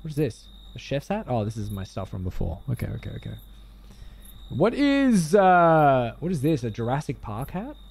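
Lively joking male game streamer. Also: mid-range voice, moderate pace, gravelly, slightly rough. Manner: joking, swears, talks to chat. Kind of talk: live game commentary.

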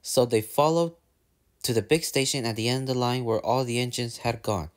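A man's voice: medium pitch, moderate pace. A man reading a railway storybook aloud, doing voices for the characters. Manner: lively, puts on voices for characters. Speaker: narrator.

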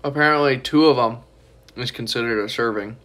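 A man's voice: medium pitch, fairly quick, fairly bright tone. A young man talking casually and teasingly in a rambling home vlog from student housing. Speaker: vlogger.

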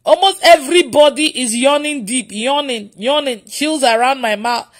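A woman's voice: high voice, normal speed. A woman preacher leading a livestreamed prayer session, who laughs often and repeats her phrases.

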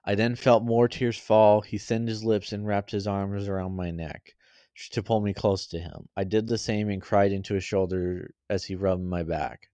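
A man reading a fan story aloud, halting and often stumbling and correcting himself. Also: on the low side, steady tone, mellow, smooth, no echo. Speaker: story reader.

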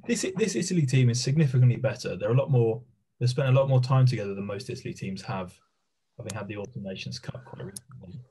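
A man co-hosting a rugby podcast, talking casually in a measured, matter-of-fact way. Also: mid-range voice, warm tone, slightly rough. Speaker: podcast co-host.

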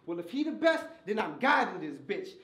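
High-voiced man taunting in battle rap. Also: sing-song, a little fast, fairly bright tone, echoey room. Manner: taunting, punchline-heavy delivery. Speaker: battle rapper. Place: indoor battle event.

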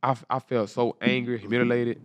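A man's voice: mid-range voice, brisk, no echo, muffled recording. A young man in his twenties, a football player, earnestly retelling an emotional story and acting out everyone's lines. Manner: animated, acts out the dialogue of people in his story. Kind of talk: casual storytelling interview.

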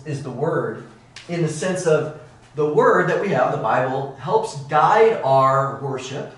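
A middle-aged man teaching a Bible class in a church, animated, acting out quotes in lively voices. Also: on the high side. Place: church room. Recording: roomy echo, mic at a distance, faint noise.

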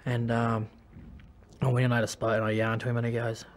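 Australian man, former league player, candid testimony. Halting, restarts, level tone. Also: mid-range voice, monotone, a little hiss or hum. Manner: halting, many restarts and fillers. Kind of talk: personal testimony.

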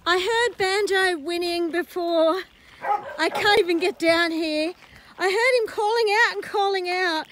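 A woman's voice: very high-pitched, slow, long pauses, noisy background. A woman filming on her phone outdoors in a muddy paddock, gushing and laughing in disbelief as she talks. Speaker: horse owner. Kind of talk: excited casual vlog. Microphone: handheld phone camera.

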